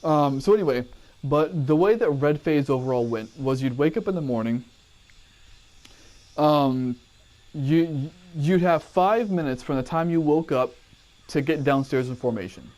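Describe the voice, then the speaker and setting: A man's voice: on the high side, measured pace, darkish tone. A man casually recounting his army training days, swearing freely and wandering off on tangents. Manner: profane, digressive, rambling. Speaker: army veteran telling training stories. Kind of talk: casual storytelling to camera.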